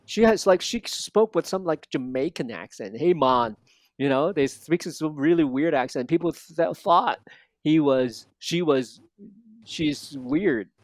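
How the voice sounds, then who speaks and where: A man coaching a student one on one, modeling lines slowly and repeating them with lively energy. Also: a little high, dry recording. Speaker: accent coach. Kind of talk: one-on-one language lesson.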